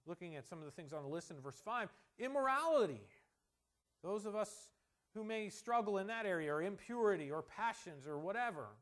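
High-voiced preacher with emphatic delivery. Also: male voice, animated, a little fast. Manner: emphatic, swings from soft asides to loud stressed points; joking asides. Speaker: pastor. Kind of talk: sermon.

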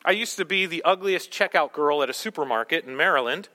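Bright-voiced pastor preaching in a reverberant hall. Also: male voice, on the high side, fast. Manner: conversational, self-deprecating humor. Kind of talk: sermon.

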